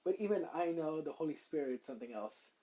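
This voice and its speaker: A man's voice: fairly high pitch, lively intonation, fast talker, mellow. A man voicing a kind young man reborn as a slime, caring and easily flustered, who talks hesitantly with stammers and fillers.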